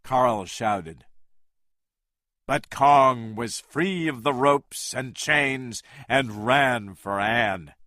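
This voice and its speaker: Slow, bright male storybook narrator. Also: mid-range voice, no echo, studio quality. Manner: slow and clearly articulated for learners. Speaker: audiobook narrator. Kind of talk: slow reading of a graded English-learner storybook.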